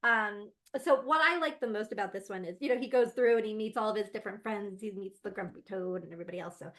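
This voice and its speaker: A woman guest on an interview podcast, a laughter yoga teacher chatting casually and animatedly, laughing often. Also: medium pitch.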